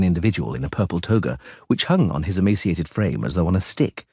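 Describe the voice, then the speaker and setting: A man narrating an audiobook in a lower, steady voice between the characters he voices. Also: fast talker, breathy edge, no echo, studio quality. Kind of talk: scripted narration.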